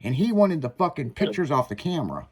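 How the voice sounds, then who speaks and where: A man's voice: on the high side, brisk. A man hosting a radio show, telling crude stories in a casual, profane way. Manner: profane, animated storytelling with laughs. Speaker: radio host. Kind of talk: casual storytelling banter.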